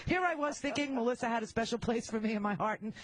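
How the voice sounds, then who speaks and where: Brash, teasing woman radio host. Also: fairly high pitch. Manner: brash, teasing, quick to laugh. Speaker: radio talk show host. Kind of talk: casual on-air banter.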